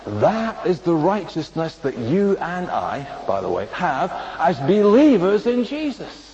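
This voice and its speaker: A man preaching a sermon from a platform to an audience, emphatic, slowing down to stress single words. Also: fairly high pitch, huge pitch swings, crowd noise. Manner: acts out inner voices of listeners. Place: speaking from a platform before an audience. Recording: dull lo-fi recording with faint noise.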